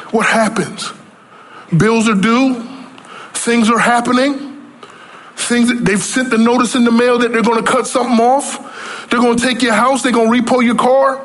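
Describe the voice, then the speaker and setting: Preaching a sermon, a pastor with a notably high, slightly bright voice works through scripture using rhetorical questions. His intensity climbs as he presses his points.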